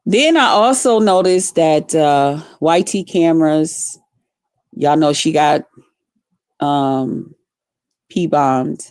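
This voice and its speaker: A woman vlogger telling a story in a profane, animated, dramatic way, casual and blunt. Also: low voice, slow pace, pauses often, smooth, no echo, clean studio sound.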